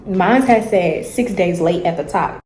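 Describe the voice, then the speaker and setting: A woman's voice: fairly low pitch, measured pace, over loud music. Chatty young woman in an echoey room. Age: young adult. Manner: animated, chatty, acts out dialogue. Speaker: vlogger. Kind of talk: casual storytelling while eating.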